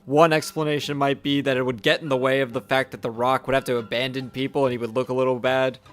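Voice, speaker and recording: A man's voice: medium pitch, little pitch movement, fast talker, soft background music. A young man giving a casual, sarcastic movie review voice-over, blunt and swearing offhandedly.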